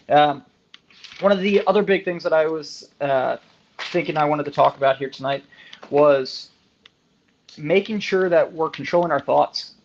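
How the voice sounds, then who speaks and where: A man's voice: medium pitch, creaky, a little hiss or hum. A man, a chiropractor, giving a conversational motivational talk to fellow practitioners and often tagging his points with "right?". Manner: conversational, with frequent rhetorical "right?" tags. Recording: slightly muffled lo-fi audio.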